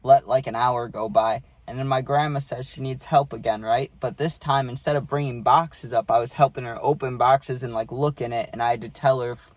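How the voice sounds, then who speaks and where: A man's voice: medium pitch, steady tone, brisk, hardly any pauses, dry recording. Casual, swearing storyteller guy. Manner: loose and profane, many fillers and tag questions. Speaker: vlogger.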